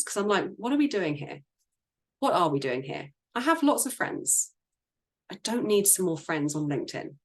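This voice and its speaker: A woman business and sales coach talking casually in a group discussion, chatty, laughing often and acting out quoted lines. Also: fairly low pitch.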